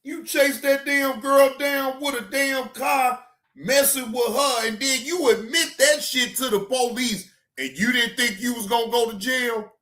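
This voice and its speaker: A man with a high, bright voice hosts a reaction stream. He talks in an unhurried way and scolds the people on screen with blunt, profane remarks. He often gets loud and animated. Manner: animated, shouting at times. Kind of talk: casual reaction commentary.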